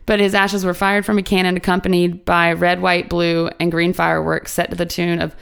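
A woman's voice: fairly low pitch, flat delivery, a little fast, vocal fry, clean tone. A woman co-hosting a casual podcast chat, telling odd stories in a joking, profane way. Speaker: podcast co-host.

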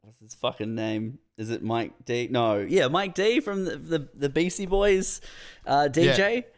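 A young man with a mid-pitched voice that rises and falls a lot as he talks. He tells stories expressively in a relaxed podcast chat and swears in passing. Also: measured pace. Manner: expressive storytelling, casual swearing. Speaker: podcast co-host.

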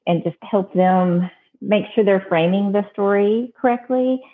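Her voice is mid-range and unhurried as she offers adoption advice as a guest. She speaks in an earnest, plainspoken, casual way, frequently starting sentences over, and the audio sounds narrow, like a phone.

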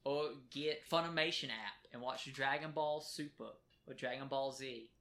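A man in a casual podcast chat with a mid-range voice. He teases his co-host in a playful way and gets excited and animated when the talk turns to anime. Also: medium pitch, normal speed.

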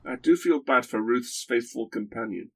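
A man's voice: medium pitch, expressive, moderate pace, vocal fry, darkish tone. A man guest-hosting a podcast, chatting with dry humour and lots of hesitations. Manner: hesitant, dry humorous, many fillers. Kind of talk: casual podcast chat.

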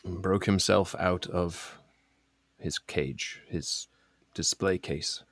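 A man's voice: low voice, fairly even intonation, drawn-out words, a bit bright, no room sound, full character voice. A man playing an earnest male adventurer in a tabletop role-play, speaking in a solemn, formal way as he explains things.

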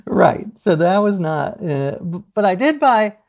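A middle-aged man telling anecdotes as a podcast guest, animated, laughing easily and acting out what people said. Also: high-pitched, a little slow, gravelly. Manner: animated storyteller, laughs often, acts out quotes. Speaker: guest author. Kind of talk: casual podcast interview.

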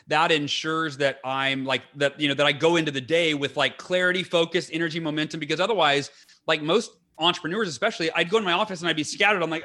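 A man appears as a podcast guest in casual, off-the-cuff conversation, his voice bright and fairly high. Eager and sincere, he talks fast with fairly even intonation, rushing his points and piling on fillers and restarts.

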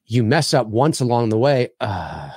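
A man co-hosting a casual livestream chat, theatrical and quick to laugh, heard over a remote call. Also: mid-range voice, husky, no room sound, clean studio sound. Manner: animated, theatrical, laughs often. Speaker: livestream co-host.

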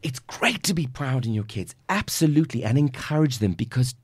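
A man's voice: mid-range voice, expressive, fairly quick, husky. A man from South Africa, a guest life coach on a podcast, talking in an emphatic, preachy way and acting out little quotes. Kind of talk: casual podcast conversation.

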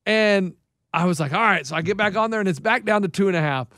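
A man's voice: high voice, quick pace, no echo, studio quality. A man on a casual chat show, telling a long anecdote and acting out the other people's lines as he goes. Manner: animated storyteller, acts out other people's lines.

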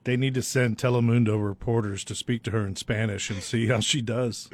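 A man co-hosting a radio talk show, chiming in with dry jokes and quick agreement. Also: mid-range voice, fairly even intonation, darkish tone. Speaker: radio co-host.

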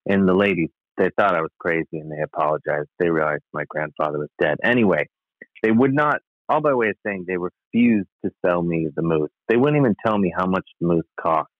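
A man's voice: low voice, lively intonation, fairly quick, no room sound. A man telling a rambling, wry personal anecdote as a podcast guest, full of asides. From United States. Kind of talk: casual anecdote. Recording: thin phone-like sound, dry.

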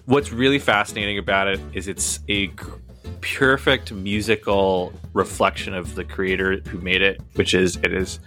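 A man co-hosting a podcast, rambling through an animated story with quick asides and restarts. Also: low voice, soft background music. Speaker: podcast co-host. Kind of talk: casual podcast chat about movies.

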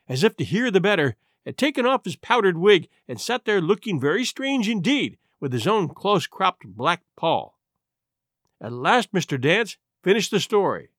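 Expressive male audiobook narrator, dry close-miked read, lively melodic delivery. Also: a little high, dry recording. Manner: expressive, animated storytelling.

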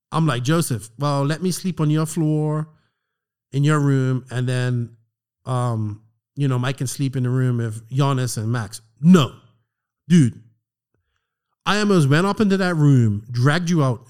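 A middle-aged man telling a story on a podcast, animated and profane, acting out the lines of the people in it. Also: medium pitch, a little slow. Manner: animated, profane, acts out quotes. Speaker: podcast co-host. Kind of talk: casual storytelling chat.

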